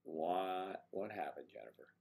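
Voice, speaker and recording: Older guy, deep voice, rambly live stream chat, keeps clearing his throat. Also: expressive, darkish tone. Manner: chatty, halting, frequent throat-clearing. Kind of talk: casual live-stream chat reading viewer comments.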